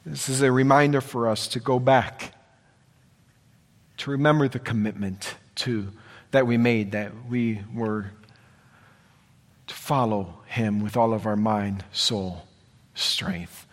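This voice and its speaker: Slow, earnest male preacher in a reverberant hall. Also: on the low side, steady tone. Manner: earnest, repeats phrases for emphasis. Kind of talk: sermon.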